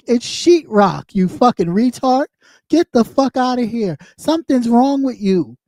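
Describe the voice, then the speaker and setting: A man's voice: very high voice, lively intonation, normal speed, mellow, no room sound, clean studio sound. A man ranting on a livestream, mocking and heated, swearing constantly. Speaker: livestream host. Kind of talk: profane livestream rant.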